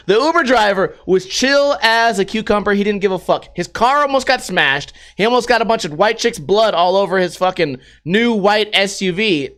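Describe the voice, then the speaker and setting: Podcast host, male, high voice, casual and profane, acts out the voices in his anecdotes. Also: clean tone. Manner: profane, animated retelling with acted-out quotes. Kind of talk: casual storytelling and news commentary.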